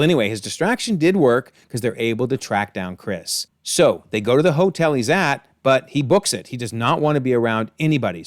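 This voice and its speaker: A man talks through a show episode in a chatty, excited way, retelling scenes and quoting characters. His voice sits at a middle pitch. The recording is dry and close, with no room echo. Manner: enthusiastic, chatty, retells scenes with quoted lines. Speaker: video essay host. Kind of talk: casual episode breakdown commentary.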